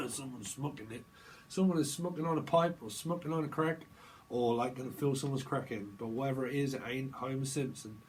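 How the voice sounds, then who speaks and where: A man talks through a tarot reading off the cuff, in a medium-pitched voice. He rambles and jokes, slipping into little acted-out conversations. A faint noise sits behind him. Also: a little fast. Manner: rambling, joking, acting out imagined dialogue in voices; frequent fillers and laughter. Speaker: tarot reader.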